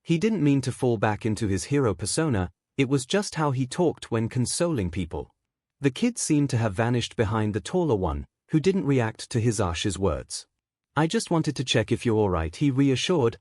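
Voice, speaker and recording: A man reading a fan-fiction story aloud as a narrator, in a measured storytelling way. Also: medium pitch, sing-song, a little mellow, no echo, clean studio sound.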